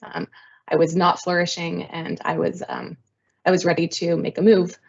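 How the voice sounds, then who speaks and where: Her voice sits on the low side and sounds gravelly, holding a level tone at a normal speed. A woman in her thirties appearing on an interview show, she narrates her career in a chatty, self-mocking way full of ums, and the recording is slightly dull and lo-fi.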